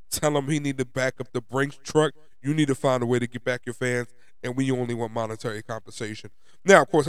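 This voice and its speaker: A young man from New York, his New York accent coming through as he rants. He talks in an emphatic, profane, fed-up way, like a fan vlogger venting. His voice is smooth and resonant, recorded dry and close. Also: mid-range voice, no echo. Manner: frustrated, profane, emphatic ranting. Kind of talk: ranting fan commentary.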